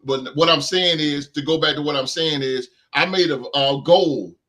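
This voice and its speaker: Man guest, 30s, earnest motivational talker, slightly high voice, keeps repeating for emphasis. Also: moderate pace, fairly bright tone. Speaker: podcast guest. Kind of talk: heartfelt casual chat.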